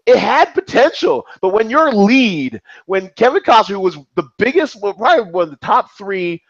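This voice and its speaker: A man in his forties riffs on movies with a bouncy, swooping voice that sits a little high. He rambles, cusses and restarts often. His audio comes over a call, dry and a bit muffled. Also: moderate pace, dry recording. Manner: animated, rambling, profane. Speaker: podcast co-host. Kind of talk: casual movie chat.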